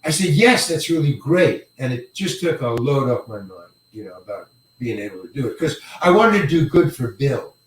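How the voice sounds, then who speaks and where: An older male actor telling a career story in an interview, halting and rambling, often repeating words and chuckling. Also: medium pitch, sing-song. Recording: roomy echo, mic set far away.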